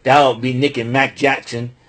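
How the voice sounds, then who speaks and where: A man's voice: medium pitch, level tone, unhurried, a bit bright. A man hosting a casual wrestling recap show, rambling and laughing at his own jokes. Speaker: podcast host.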